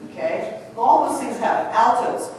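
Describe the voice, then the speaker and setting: A woman's voice: a little high, moderate pace. Distant woman coaching in an echoing hall. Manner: energetic, chatty, coaching with frequent asides. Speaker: choral clinician leading a workshop. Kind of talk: live workshop instruction to choir directors. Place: large conference hall. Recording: distant voice in a big echoing hall with room noise.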